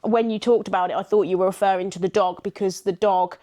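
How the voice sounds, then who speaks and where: A woman's voice: mid-range voice, steady tone, quick pace, warm tone. Friendly, chatty woman. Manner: friendly, chatty, supportive interjections. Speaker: podcast co-host. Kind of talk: casual chat.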